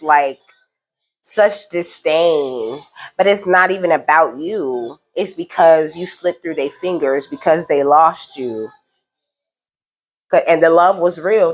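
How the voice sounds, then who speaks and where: A woman giving a casual spiritual reading to her viewers, animated and slangy, laughing often. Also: low-pitched, slow. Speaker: spiritual card reader.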